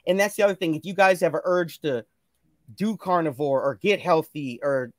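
Guy with a fairly high voice, earnest and kinda preachy, repeating himself, dry close sound. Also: normal speed, no room sound. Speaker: guest. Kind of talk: motivational casual chat. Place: live stream call.

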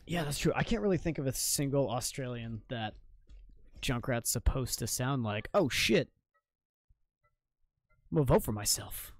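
A man's voice: medium pitch, lively intonation, normal speed, long pauses, no room sound. A young man from Maine chatting casually on a live game stream. He reacts to chat with jokes and swears freely. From Maine, United States.

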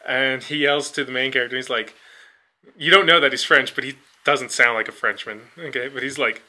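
A man in his twenties with a very bright, sharp tone, chatting casually as a podcast co-host. He rambles, leans on "like" constantly, and often trails off low and quiet. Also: fairly even intonation, fairly quick. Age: 20s. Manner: rambling, heavy use of "like", mumbles low. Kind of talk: casual chat.

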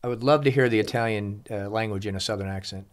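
Fast-talking low-voiced man producer. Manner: chiming in with quick corrections. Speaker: show producer. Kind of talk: casual interview chat.

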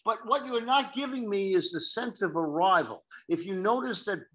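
A piano teacher from New York, USA, coaches a student in a masterclass, singing phrases on "da" syllables to show emphasis. He has a high-pitched, fairly bright voice at normal speed, captured in a rough recording.

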